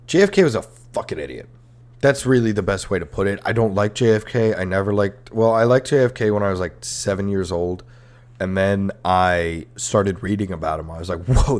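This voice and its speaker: Sarcastic, profane young man podcaster. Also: sits low. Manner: irreverent, profane, sarcastic, rambling with fillers. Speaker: comedy history podcast host. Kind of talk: casual comedic rant. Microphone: headphones and podcast mic.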